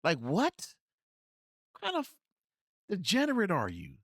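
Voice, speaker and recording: A man giving a loose, slangy film review, his pitch swinging up and down as he rambles and restarts. He sits close to the mic in a dry, deadened room, and his voice sits a touch above the usual male pitch. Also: huge pitch swings, unhurried, dry recording. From Cincinnati area, United States. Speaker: podcast host reviewing films. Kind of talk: casual spoken film review.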